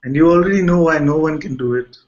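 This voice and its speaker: A man leads a satsang dialogue as the spiritual teacher, explaining calmly and repeating phrases for emphasis. His voice sits a little high for a man. The sound is dull and lo-fi. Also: fast talker. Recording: dull low-fidelity sound.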